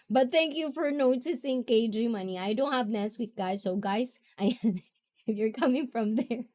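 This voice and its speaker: A giggly woman hosts a relaxed livestream chat, taking her time between words. Her speech is unhurried and drawn out, with frequent laughter as she reads viewer comments. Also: fairly high pitch. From half Japanese, half Filipina. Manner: giggly, chatty, often laughing. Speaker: livestream host.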